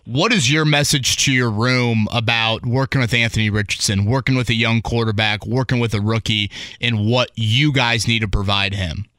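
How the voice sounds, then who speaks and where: Man with a bright, smooth voice. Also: medium pitch, fairly even intonation, normal speed, no room sound. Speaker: host. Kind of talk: interview questions.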